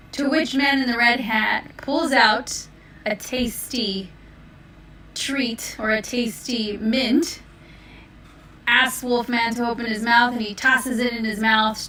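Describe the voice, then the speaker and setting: A woman telling a story in a playful, unhurried manner. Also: a little high, bright, forceful tone. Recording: roomy, distant mic.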